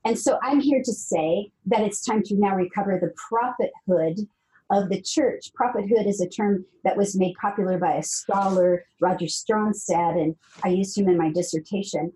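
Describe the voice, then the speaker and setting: A woman's voice: medium pitch, normal speed, dark tone, poor audio. A woman guest author telling a story in an earnest, emphatic way, often repeating her phrases. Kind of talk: conversational storytelling.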